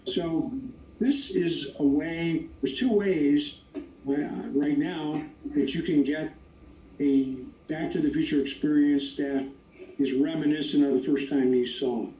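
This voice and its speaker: A man's voice: on the high side, fairly even intonation, measured pace, mellow, slight background noise. A man answering audience questions on a panel as the guest writer, telling stories with emphasis. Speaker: screenwriter guest. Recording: echoey distant lo-fi sound.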